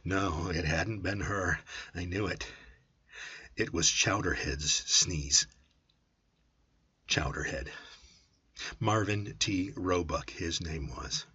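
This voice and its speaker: A man narrating a first-person story as an audiobook, with an intense, brooding delivery that drops to a hush at times. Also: low-pitched, slow, long pauses, slightly rough. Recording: dull lo-fi audiobook recording.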